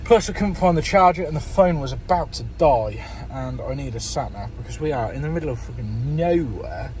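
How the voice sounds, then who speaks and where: A British plumber rambles through his working day in a blunt, foul-mouthed chat to his phone camera. His voice sits at an ordinary middle pitch. Traffic and vehicle noise stays clearly audible behind him. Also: lively intonation, moderate pace, darkish tone. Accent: British English. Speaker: self-employed plumber. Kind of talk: casual day-in-the-life vlog.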